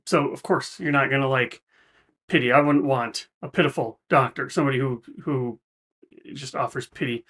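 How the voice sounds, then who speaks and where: A man's voice: medium pitch, normal speed, a bit bright. A man hosting a reaction video, explaining ideas in a thoughtful, casual way with frequent restarts. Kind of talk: casual commentary.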